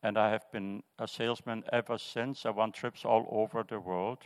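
An older man tells his personal testimony, halting and restarting as he goes. His voice sits fairly low, and the room carries a long echo. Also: flat delivery, clear, resonant tone. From Austria. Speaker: congregation member sharing testimony. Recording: reverberant church hall.

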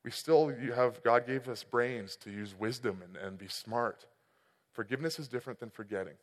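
A man in his thirties delivers a sermon in a church hall, his voice carrying a long reverb. He tells personal stories and moves between loud, pressing passages and quiet, hushed ones. His pitch sits in an ordinary middle range. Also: moderate pace. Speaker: preacher.

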